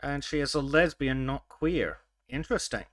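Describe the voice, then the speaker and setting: A man hosting a podcast in casual chat, wry and sarcastic, with halting restarts. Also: medium pitch, animated, fairly bright tone, no echo. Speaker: podcast host.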